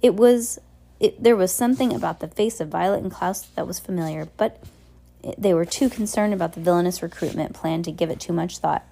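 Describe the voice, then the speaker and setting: A woman reads a novel aloud in a low, mellow voice. She tends to trip over words and restart her lines. The delivery is informal rather than polished. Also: fairly quick, gravelly. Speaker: audiobook reader.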